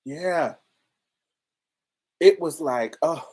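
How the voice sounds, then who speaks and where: A woman's voice: low voice, drawn-out words, dark tone, breathy edge. A woman podcast host giving casual review commentary, talking in slang with exasperated asides.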